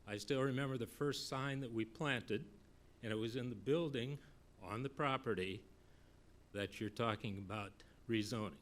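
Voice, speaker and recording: A former council member from Northeast Iowa gives a public comment at a city council meeting. His medium-pitched voice is earnest and measured as he recalls history in a storytelling way.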